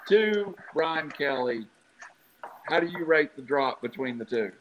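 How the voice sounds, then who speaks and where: A man hosting a casual sports talk show, leading with questions and gentle teasing. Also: on the high side, animated, a little slow, a little hiss or hum, low-quality recording. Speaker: host.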